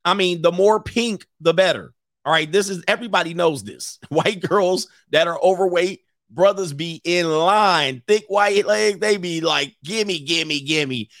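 A man's voice: high-pitched, measured pace, a bit bright, no room sound, studio quality. A middle-aged man, a dating coach, doing slangy, joking live reaction commentary with laughing asides.

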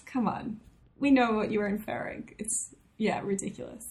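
A woman co-hosting a casual podcast chat, animated and laughing as she talks. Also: mid-range voice, normal speed, in a whisper. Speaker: podcast co-host.

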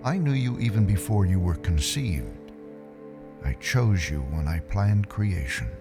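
A man voicing a deep, tender God the Father. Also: animated, measured pace. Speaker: voice of a devotional video. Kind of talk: scripted devotional reading. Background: music.

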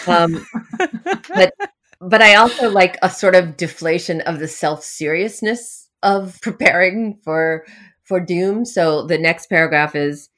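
A woman's voice: lowish voice, a little slow, fairly bright tone. A woman novelist answering interview questions in a casual, wry way, laughing now and then as she talks. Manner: wry, self-deprecating, laughs often. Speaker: novelist guest.

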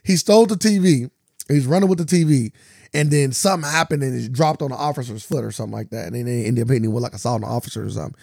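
Man, podcast co-host, casual joking chat, quick speech, dry close sound. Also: medium pitch, gravelly, no room sound. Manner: loose, joking, animated retellings.

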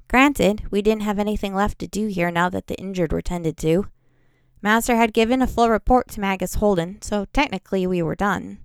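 Casting: woman audiobook reader, smooth with some fry, measured, dry close mic. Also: medium pitch, no room sound. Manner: measured first-person storytelling. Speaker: editor reading a book excerpt. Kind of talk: audiobook narration.

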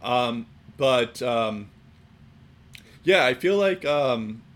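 A man co-hosting a casual sports chat, rambling and filling every pause with "like" and "um". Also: medium pitch, expressive. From Boston area. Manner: rambling, heavy on fillers like "like" and "um". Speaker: sports podcast co-host.

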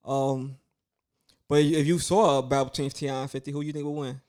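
A man co-hosting a casual chat, talking in an animated, blunt way and arguing his point. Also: mid-range voice, brisk, clean tone.

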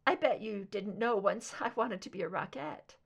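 A woman reading aloud voices an older mother who speaks softly and wistfully, tired of grief yet gently teasing her son. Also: mid-range voice, normal speed, gravelly, highs cut off.

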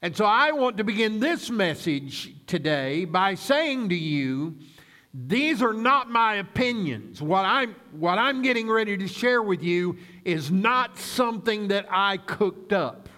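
A man preaching a sermon as pastor, praying and then reading Scripture with slow, deliberate emphasis. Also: high-pitched, very animated, pushed and bright. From United States.

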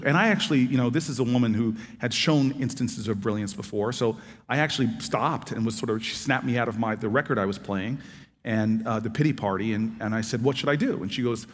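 A man telling a personal story to an audience, acting out the quoted dialogue with lively energy. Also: medium pitch, fast, in a large hall. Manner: animated anecdotal storytelling, acting out both sides of dialogue. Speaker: author and former city politician. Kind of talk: storytelling talk.

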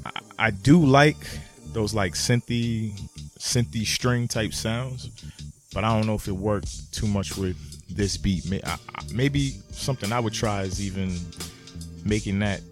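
A man co-hosting a podcast, weighing in on beats in a hesitant, easygoing way. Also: lowish voice. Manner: hesitant, easygoing, laughs often. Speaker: podcast co-host reviewing beats. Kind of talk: casual chat.

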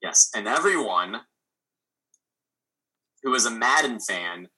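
A man's voice: on the low side, animated, slow, sharp tone, husky, poor audio. A man co-hosting a podcast, jumping in emphatically during casual chat. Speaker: podcast co-host.

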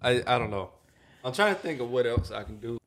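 A male podcast co-host chats casually and jokes at his own expense. His voice moves up and down a lot, and the pitch is mid-range. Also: brisk. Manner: animated, joking, self-deprecating. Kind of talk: casual chat.

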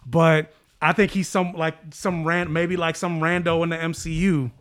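A man's voice: on the high side, little pitch movement, moderate pace, fairly bright tone. A man in casual chat about a TV show, thoughtfully laying out theories with lots of fillers.

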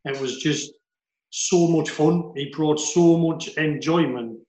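An enthusiastic former footballer fondly recalls good times at his club, his voice a touch higher than most men's. The room adds a noticeable echo around him. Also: slow pace, a little mellow. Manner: enthusiastic, fond. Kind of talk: casual reminiscing. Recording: roomy echo.

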